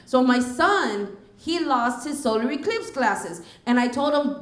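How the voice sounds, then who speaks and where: A woman's voice: high voice, a little slow, few pauses, echoey room. A middle-aged woman from Texas doing a stand-up comedy set on a club stage, telling stories and acting out the dialogue. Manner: animated storytelling, acting out dialogue. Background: audience laughter.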